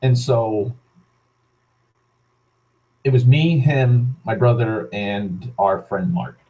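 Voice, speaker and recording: A man's voice: mid-range voice, very slow, phone-quality sound. A young man from Massachusetts ranting casually into his camera, heavy with profanity, sardonic asides and rambling restarts. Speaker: vlogger. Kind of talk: casual rant.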